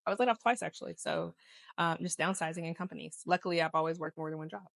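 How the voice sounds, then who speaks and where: A woman's voice: on the low side, quick pace, creaky, no room sound. A woman co-hosting a podcast, chatting casually about her work and life, laughing often and going off on tangents. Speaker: podcast co-host. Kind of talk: casual chat.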